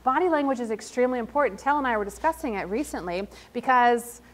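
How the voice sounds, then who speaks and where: Speaking fast in a voice a little on the high side, a woman gives a motivational talk before a live audience in an event hall. Invited to an entrepreneurship event, she tells stories and performs the quoted lines along the way.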